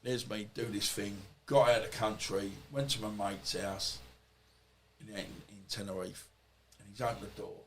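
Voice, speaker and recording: A man's voice: fairly low pitch, steady tone, moderate pace, fairly bright tone, slight background noise, rough recording. A man, a podcast guest telling rambling personal stories in casual talk, swearing freely and acting out what people said to him. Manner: rambling, swears freely, acts out quoted dialogue. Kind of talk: casual storytelling interview.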